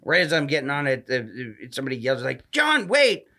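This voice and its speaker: A male comedian telling a story in a podcast interview, animated and self-mocking, with frequent swearing. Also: mid-range voice, fast talker, creaky. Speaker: comedian guest.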